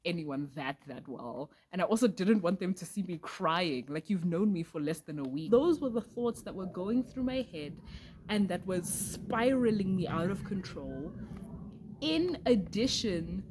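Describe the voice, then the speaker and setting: A woman's voice: on the low side, animated, a little slow, a little mellow, a little hiss or hum. A teenage girl, telling a story to her vlog in a candid, dramatic way with casual slang. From South Africa. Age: teens. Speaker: vlogger.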